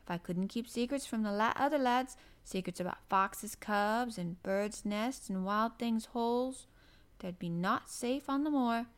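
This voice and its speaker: A woman's voice: on the high side, unhurried, clear, resonant tone, lightly acted. A woman voicing a friendly young country boy from the moors, speaking broad in an easy, cheerful way. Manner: broad dialect, cheerful and easygoing.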